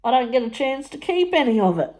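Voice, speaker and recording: A middle-aged woman chatting casually about her crafts, telling stories and acting out what others said in higher voices, laughing often. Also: big pitch swings, a little fast, darkish tone. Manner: chatty storytelling, acts out quotes in high voices, laughs often. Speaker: crafting vlogger. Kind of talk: casual chat while crafting.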